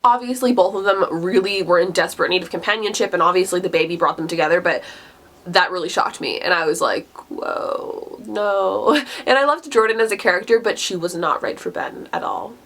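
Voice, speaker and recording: A woman's voice: on the low side, fast talker, a bit bright. Gushing woman chatting about a book. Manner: gushing, enthusiastic, frequent "like" fillers; laughs often mid-sentence. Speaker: book reviewer. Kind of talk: casual book talk vlog.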